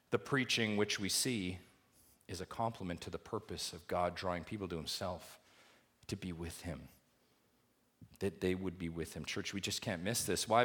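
A man preaching a sermon to his congregation, asking them rhetorical questions and swinging from soft, low stretches to loud, emphatic peaks. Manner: rising to emphatic high peaks, then dropping soft and low. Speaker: pastor.

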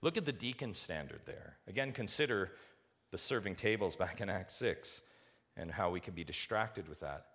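A man's voice: low voice, lively intonation, normal speed, a bit bright. A male pastor preaching a sermon to his church, emphatic, repeating key phrases and putting questions to the congregation.

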